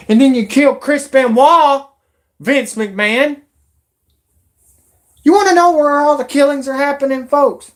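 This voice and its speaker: A woman's voice: high-pitched, a little slow, pauses often. Angry woman ranting. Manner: angry, profane, shouting in bursts. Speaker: YouTube commentator. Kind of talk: angry political rant.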